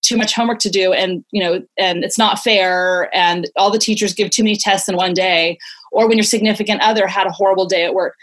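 Woman in her 40s talking parenting on a podcast, earnest, lots of you-knows, medium pitch. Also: steady tone, a little fast, fairly bright tone. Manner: earnest, explanatory, many "you know" fillers. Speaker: parenting expert guest. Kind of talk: conversational interview explanation.

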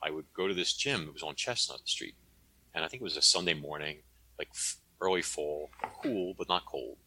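A man telling stories as an interview guest, animated and tagging his points with "okay?". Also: a bass voice, fairly quick, a little hiss or hum. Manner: animated, tags statements with "okay?". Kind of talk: conversational storytelling.

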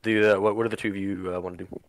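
Low-voiced game master narrating a campaign. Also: male voice, little pitch movement, racing, no echo. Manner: rambling, many fillers and restarts.

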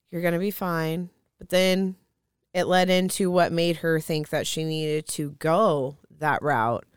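Frank, clear-voiced woman telling stories. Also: deep voice, no room sound, clean studio sound. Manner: candid storytelling with frequent swearing. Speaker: spiritual reader, podcast guest. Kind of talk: casual chat.

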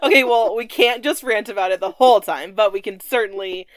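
A young woman working as a hospital case manager, co-hosting a casual chat and telling work stories, acting out staff with shrill outbursts. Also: a little fast. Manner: animated storyteller, acts out lab staff in shrieking voices. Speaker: podcast co-host, case manager nurse.

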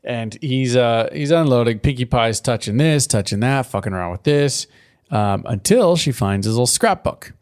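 A man's voice: mid-range voice, expressive, normal speed, clean tone. A man in a casual chat, recapping a cartoon episode in a loose, profane way with lots of fillers.

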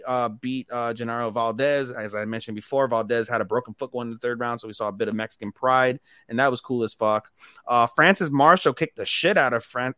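A man's voice: mid-range voice, pushed and bright, dry recording. A young man co-hosting a podcast, casually and profanely running through fight results. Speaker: podcast co-host. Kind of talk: casual chat.

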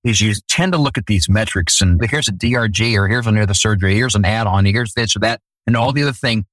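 A man's voice: on the low side, fast, a bit bright, no echo, rough recording. A middle-aged man telling an earnest personal story in a conversation.

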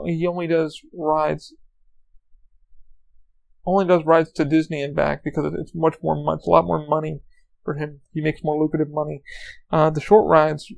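A man's voice: on the high side, vocal fry. A man hosting a podcast, telling stories in a casual monologue, swearing a lot and stumbling over repeated words. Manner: profane, repetitive, stammers on restarts. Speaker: podcast host.

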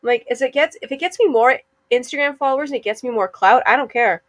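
A woman's voice: high-pitched, no room sound. Chatty girl in her 20s, podcast chat, laughs a lot, dry close sound. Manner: chatty, fast-flowing, laughs often. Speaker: podcast co-host. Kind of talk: casual chat.

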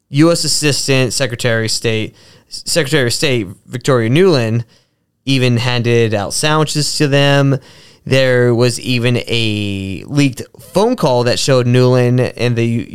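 Smooth-voiced man reading his notes. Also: mid-range voice. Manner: reads from notes, stumbles over foreign names. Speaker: podcast host. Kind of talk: casual podcast chat, reading notes.

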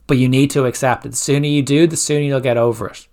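A man's voice: mid-range voice, fairly even intonation, fast, a little mellow. A man hosting a solo coaching podcast, giving blunt, direct fat-loss advice and firing off rhetorical questions. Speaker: fitness coach, podcast host.

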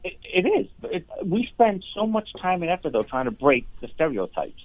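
A man's voice: high-pitched, very animated, normal speed, no room sound. An earnest male guest who runs a car dealership, talking casually and often restarting his sentences. His voice comes through a thin, phone-like line with no room sound at all. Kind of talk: casual interview.

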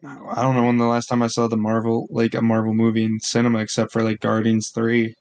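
A young man co-hosting a casual podcast chat. He sounds laid-back and slangy, with a mid-range voice and some remarks drawn out slowly. He speaks easily among friends. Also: mid-range voice, completely flat delivery, darkish tone. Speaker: podcast co-host.

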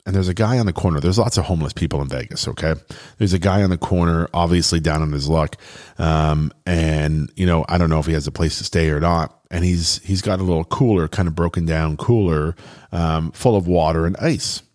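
A man's voice: sits low, a little fast, a little mellow. A man telling a personal story in an earnest, chatty way, with fillers and restarts, at times getting choked up.

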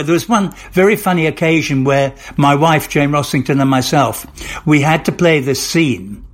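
Older male actor guest, slightly high-pitched, rambling storyteller with many restarts. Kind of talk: anecdotal interview storytelling.

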